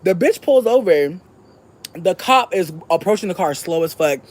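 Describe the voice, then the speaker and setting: A young adult hosts a podcast and tells a long story in a casual, profane way. The voice sits at a middle pitch and swoops widely, dropping soft and then climbing to shouts. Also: lively intonation, normal speed.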